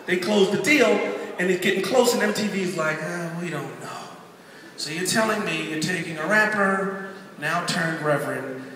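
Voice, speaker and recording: Man, high bright voice, storytelling sermon, big reverberant church hall, heard from far off. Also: moderate pace. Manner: lively, animated, acts out quotes. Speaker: guest preacher telling his story. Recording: echoey church hall from afar.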